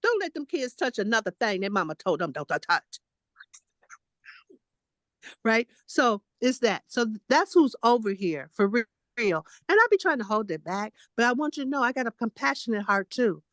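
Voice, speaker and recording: A woman's voice: fairly high pitch, big pitch swings, moderate pace, fairly bright tone, dry recording. A woman in her late sixties giving a casual spiritual testimony, blunt and emphatic, repeating herself and fussing at her listeners. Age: 60s. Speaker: guest spiritual teacher.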